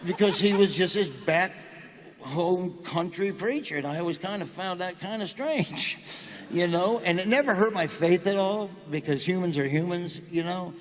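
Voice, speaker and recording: A man's voice: sits high, moderate pace, in a large hall, poor audio. A middle-aged man with a Southern American accent, telling stories as a guest in a casual stage interview before a live audience. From Nebraska, United States. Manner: joking, drawling storyteller.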